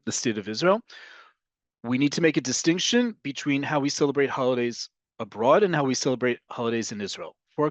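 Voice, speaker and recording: A man's voice: mid-range voice, no echo. Patient North American man teaching a class. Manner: explanatory, patient, with frequent fillers. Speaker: Hebrew teacher. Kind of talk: online language lesson.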